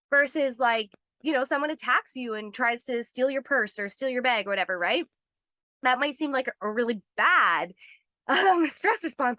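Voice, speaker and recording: A woman's voice: on the high side, lively intonation, normal speed, pushed and bright, no room sound. A woman hosting a live health webinar, explaining in a chatty way, laughing often and acting out little voices as she goes.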